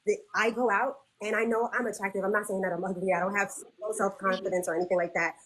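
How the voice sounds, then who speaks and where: A woman's voice: mid-range voice, flat delivery, fast, crowd noise. A woman in her forties, a caller on a dating advice show, earnestly telling about a bad first date. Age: 40s. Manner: earnest, emotional.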